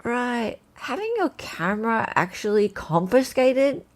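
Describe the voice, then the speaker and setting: Animated chatty woman hosting a livestream. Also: fairly high pitch, a little slow. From Australia. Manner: animated, chatty, reads viewer comments aloud. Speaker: host. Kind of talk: casual livestream chat reading comments.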